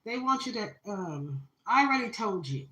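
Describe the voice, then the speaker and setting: A woman reads tarot cards live, talking dramatically to her viewers. Her voice is bright and her speech is full of fillers. She is recorded on a phone in an echoey room. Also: medium pitch, big pitch swings, moderate pace. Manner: dramatic, spiritual, talks to viewers, many fillers. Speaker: tarot reader. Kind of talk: live-stream tarot reading.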